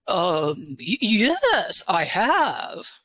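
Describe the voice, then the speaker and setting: A woman with a deep voice for a woman, using a put-on English accent as a mystery guest, hesitant and halting with many restarts. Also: sing-song, fairly bright tone, no echo. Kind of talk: call-in guessing game, disguising her voice.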